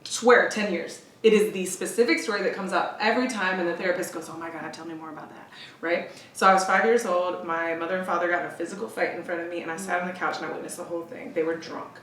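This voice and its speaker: A woman in her thirties, a podcast guest, telling a personal story in a candid, emotional way, often quoting others in a lowered voice. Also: steady tone, a bit bright. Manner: emotional, intense, quick asides, quotes others in a lowered voice. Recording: roomy echo, distant from the mic, faint hiss.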